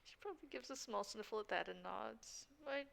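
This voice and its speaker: A woman's voice: medium pitch, animated, a little fast, creaky, fairly bright tone. A woman narrating her character's actions in a casual roleplay, rambling and giggly. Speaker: roleplay player. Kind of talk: casual collaborative storytelling.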